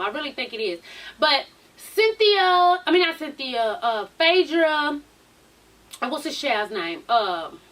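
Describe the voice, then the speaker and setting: A high-voiced woman chats casually through a reality-show recap. She is animated and profane, and she laughs as she acts out quotes. Her voice sits a bit far from the mic.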